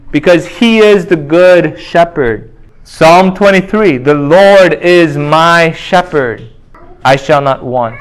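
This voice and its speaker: A man preaching a sermon, who asks his listeners questions and answers them himself and slows down to read scripture. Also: high voice, a bit bright, clear, resonant tone, low-quality recording.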